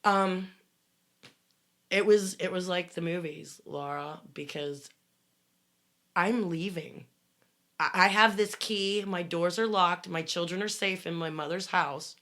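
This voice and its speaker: A middle-aged woman telling a dramatic personal story on a podcast, swearing freely and rising to loud bursts. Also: fairly low pitch, takes it slowly, long pauses. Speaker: guest telling her story.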